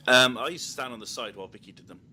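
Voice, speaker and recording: A man's voice: mid-range voice, rapid-fire, bright, forceful tone, slight background noise. A young man hosting a podcast, telling rambling anecdotes in casual chat with lots of ums. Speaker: podcast host.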